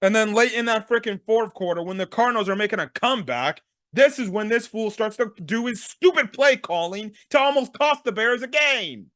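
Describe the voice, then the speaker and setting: A man rants through a game recap, his fairly high voice swinging wildly up and down. He fires off exasperated rhetorical questions in a dry, close-miked sound. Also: lively intonation, normal speed, fairly bright tone, dry recording. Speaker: sports podcast host.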